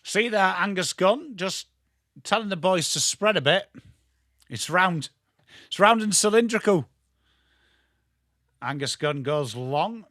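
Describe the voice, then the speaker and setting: A man with a strong Yorkshire accent giving live football watchalong commentary, excitable and sweary, chatting to viewers by name. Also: sits high, measured pace, no room sound, studio quality. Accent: Yorkshire English. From Yorkshire, England. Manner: excitable, sweary banter addressed to chat viewers. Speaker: watchalong streamer.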